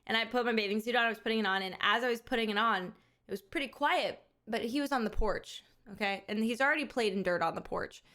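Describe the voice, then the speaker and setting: A woman's voice: fairly high pitch, quick pace. Candid, chatty woman streamer. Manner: animated and candid, swears casually, laughs often. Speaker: live streamer. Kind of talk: casual chat with viewers.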